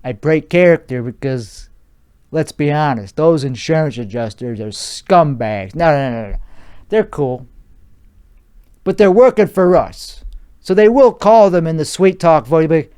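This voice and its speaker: A man's voice: fairly high pitch, animated, unhurried, a little mellow, clear, resonant tone. Crude, rambling man riffing solo. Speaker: podcast host. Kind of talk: solo comedic riff in character.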